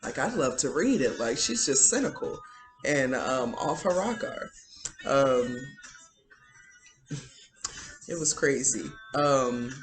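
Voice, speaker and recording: A woman talks slowly and loosely in a casual vlog monologue, leaning on fillers as she voices her indignation. Soft music plays faintly behind her. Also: extremely low pitch, low-quality recording. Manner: chatty, filler-heavy, indignant. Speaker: spiritual vlogger.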